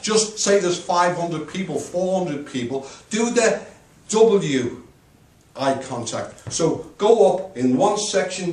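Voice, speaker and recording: A man from the United Kingdom giving an energetic, emphatic public speaking coaching talk with dramatic pitch swings. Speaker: motivational speaker. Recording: echoey room, voice from a distance.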